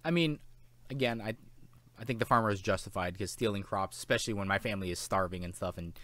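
A man co-hosting a casual film review chat, animated and swearing often as he acts out lines from the film. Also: fairly low pitch, fast talker, no room sound. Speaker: podcast co-host.

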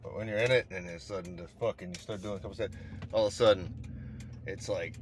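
A man's voice: deep voice, steady tone, fast talker. A man in a casual motivational monologue, intense and profane, rambling as he talks. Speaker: vlogger. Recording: outdoor traffic noise.

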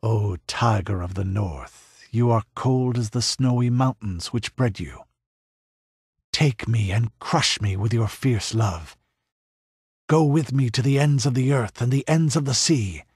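A man's voice: mid-range voice, a little slow, darkish tone, husky, no room sound, clean studio sound. A man voicing a proud, fierce young pirate queen who speaks in a commanding, passionate way.

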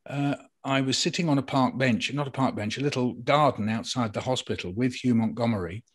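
An older man, a poet, telling a personal story in a reflective conversation, halting and restarting as he goes. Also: medium pitch, husky. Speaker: interviewee, poet.

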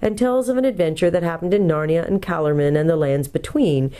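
A woman pastor calmly reading a children's book aloud. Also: fairly low pitch, a little fast.

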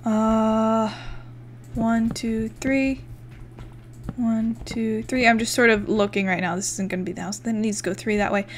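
A woman's voice: a little high, steady tone, measured pace, a little hiss or hum. A young woman giving casual let's-play commentary, chatting, swearing freely and counting blocks aloud as she builds. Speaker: gaming YouTuber.

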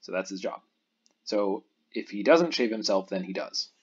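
Walking through each case of a math lesson, an animated man with a slightly husky, mid-pitched voice lets his intonation swing widely up and down. He explains patiently, pausing for the viewer to think, on somewhat dull, lo-fi audio.

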